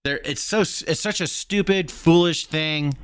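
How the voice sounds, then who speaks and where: A man's voice: a little high, measured pace, fairly bright tone, clean tone, no echo, studio quality. A man hosting political reaction commentary, talking bluntly and mockingly and swearing freely as he reacts to clips. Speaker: commentary host.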